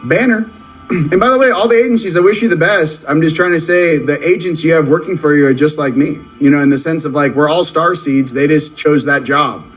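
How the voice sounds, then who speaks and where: A man with a fairly high voice chats casually as he pulls cards for his viewers. He rambles and cracks jokes, addressing the audience directly. Soft music plays faintly behind him. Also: fairly quick, husky, poor audio. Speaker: channel host doing card readings. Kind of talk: casual spiritual card-reading chat. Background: faint background music.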